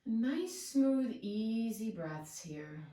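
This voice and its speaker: A woman yoga teacher leading a guided breathing meditation with slow, soothing cues. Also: fairly high pitch, expressive, warm tone, recorded from a distance. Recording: echoey room, away from the mic.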